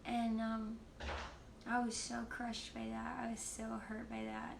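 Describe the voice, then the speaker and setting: A woman leading worship shares a personal testimony on a livestream in a candid, halting way, often breaking into laughs. Her voice sits a little high with a gravelly fry. She is heard in a roomy, echoing space with loud guitar playing behind her. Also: completely flat delivery, noisy background. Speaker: worship leader. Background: guitar music.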